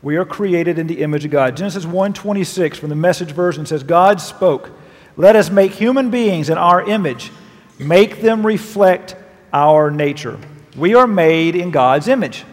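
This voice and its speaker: Guy preaching in a church, slightly high voice, big echoey hall, leans hard on the verses. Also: moderate pace. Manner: reads scripture aloud with emphatic, lively preaching delivery. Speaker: pastor. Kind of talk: sermon. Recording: long reverb of a large hall.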